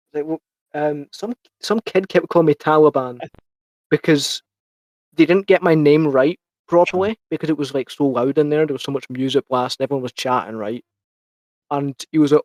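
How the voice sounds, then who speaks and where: A young man tells party stories in a casual podcast chat, laughing often and swearing freely. His voice sits a little high for a man, recorded close and dry with no room sound. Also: a little fast, a little mellow, dry recording. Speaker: podcast co-host. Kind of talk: casual late-night chat.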